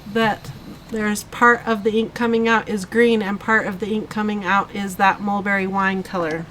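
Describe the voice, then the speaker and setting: Slow, chatty woman demonstrating markers. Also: mid-range voice, sharp tone, slight background noise, rough recording. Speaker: host of a live coloring stream. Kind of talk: casual live tutorial.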